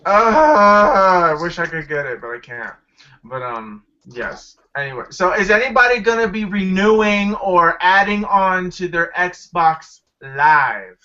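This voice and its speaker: A man's voice: high voice, very animated, unhurried, sharp tone. A man hosting a casual gaming podcast, rambling, giggling and apologizing as he introduces his co-hosts. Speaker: podcast host. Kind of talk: casual chat. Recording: dull lo-fi podcast audio.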